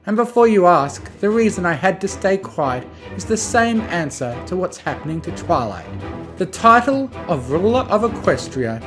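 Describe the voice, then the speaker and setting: A man voicing a weary, snarky retired female alicorn princess with a dry, deadpan manner. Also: high voice, moderate pace, over music, voice pushed up. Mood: wry.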